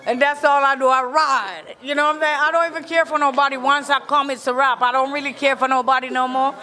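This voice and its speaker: A woman's voice: sits high, steady tone, fast, long reverb tail. A woman with a Jamaican accent, talking brashly and sassily in casual chat as a guest, laughing often. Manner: loud, sassy, laughs often.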